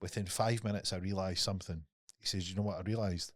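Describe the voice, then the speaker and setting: A man hosting a podcast, telling a story in a casual, animated way, swearing freely and acting out what people said. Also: low-pitched, fast talker, no room sound, studio quality. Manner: animated storyteller, swears often, acts out quotes. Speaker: podcast host.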